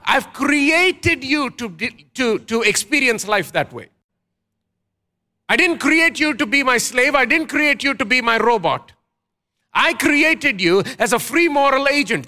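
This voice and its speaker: A man's voice: extremely high pitch, sharp tone. A man preaching a sermon as pastor, emphatic, asking the congregation questions and leading call-and-response.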